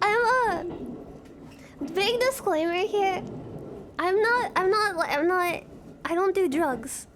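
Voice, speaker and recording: A sleep-deprived woman streaming a game live, giggly and excitable, chatting and thanking viewers. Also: very high voice, slow pace, long pauses, background noise. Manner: giggly, excitable, switches into silly voices.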